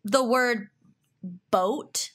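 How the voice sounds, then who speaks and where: A woman's voice: on the high side, extremely slow, a bit bright. A woman guest with a Minnesotan accent, telling anecdotes in a playful, laughing podcast chat. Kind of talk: casual chat.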